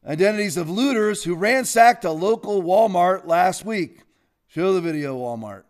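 A man with a notably high voice delivers opinionated commentary as a show host. He is sarcastic and fiery, breaking into sudden loud outbursts between stretches of mocking asides. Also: animated, moderate pace.

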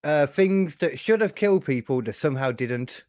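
Guy hosting a video call chat, lively voice, dry close sound, laid back. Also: a little high, moderate pace, no room sound. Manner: easygoing, laid-back with frequent fillers. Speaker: podcast host.

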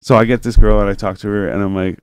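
A man's voice: lowish voice, fairly even intonation, fast talker, clean tone, no room sound. A man telling a long, rambling story in casual chat, cursing freely and acting out both sides of a phone call.

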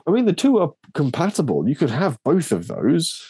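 A man co-hosting a casual podcast chat, joking through quick banter. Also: fairly high pitch, huge pitch swings, warm tone, breathy edge, dry recording. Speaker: podcast co-host.

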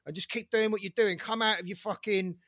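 Animated, swearing man, high voice. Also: brisk, no room sound, clean studio sound. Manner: animated, swearing, shouts when reenacting. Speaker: podcast co-host. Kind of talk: casual chat.

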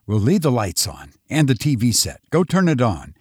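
A man voicing a grim, urgent husband and father, talking in a clipped, commanding, hurried way. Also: medium pitch, wildly swooping pitch, husky, no echo, studio quality.

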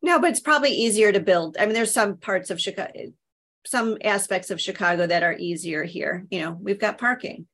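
A woman's voice: medium pitch, a little fast, fairly bright tone. Chatty woman explaining the housing market. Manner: chatty, explanatory, many "you know" fillers. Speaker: real estate agent. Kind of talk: casual panel conversation.

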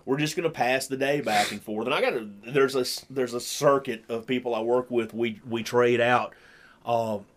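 A man's voice: medium pitch, moderate pace. Joking man in casual chat. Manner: joking, laughs often, teasing. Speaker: podcast co-host.

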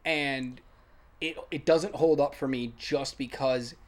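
A podcast co-host chatting casually about a film, laughing often and rambling excitedly. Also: mid-range voice, slow pace. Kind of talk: casual film-review chat.

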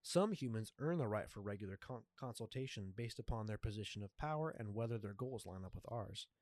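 A man voicing a calm, cryptic male jaguar spirit who speaks slowly and softly in a storybook reading. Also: fairly low pitch, dry recording, clean studio sound, lightly acted. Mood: solemn. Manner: slow, deliberate and soft-spoken.

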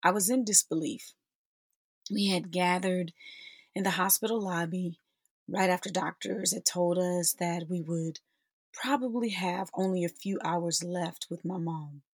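A woman's voice: fairly low pitch, fairly even intonation, unhurried, husky, no room sound. A woman in her forties telling a personal story as a podcast host, heartfelt and talking straight to her listeners. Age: 40s. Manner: heartfelt, addresses listeners as sisters and y'all.

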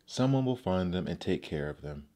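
A man with a low voice reading the lines of a cold, scheming stepmother in a storybook. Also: lively intonation, normal speed, mellow.

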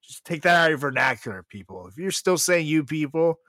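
A young man co-hosts a casual podcast, voice sitting a little high with lively, swinging pitch. He jokes, laughs often and slips into mimicking other voices. The sound is dry and close. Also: brisk, no room sound. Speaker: podcast co-host.

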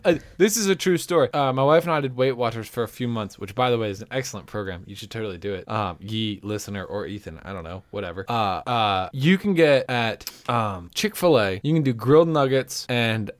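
A man co-hosting a casual chat, telling animated stories and giving advice with mock authority. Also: mid-range voice, fairly quick, hardly any pauses, dry recording. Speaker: podcast co-host.

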